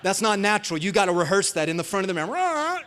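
Male pastor, high-pitched voice, emphatic sermon delivery with playful storytelling, live church service. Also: steady tone, very fast, fairly bright tone, clean tone.

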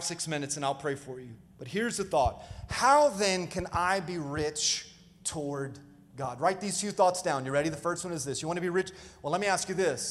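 A male pastor preaching a sermon, emphatic, calling out to the congregation for responses. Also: a little high. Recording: live sermon with long hall reverb.

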